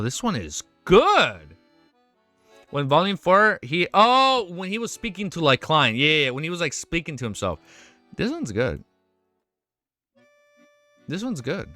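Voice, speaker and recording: A man streaming live, reacting to fan art in casual chat, excitable and swearing often with quick exclamations. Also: medium pitch.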